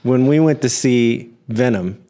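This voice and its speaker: A man with a medium-pitched voice co-hosts a casual podcast. He rambles and halts, filling pauses and restarting his sentences. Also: warm tone. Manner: rambling, halting, many fillers and restarts. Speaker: podcast co-host. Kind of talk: casual chat.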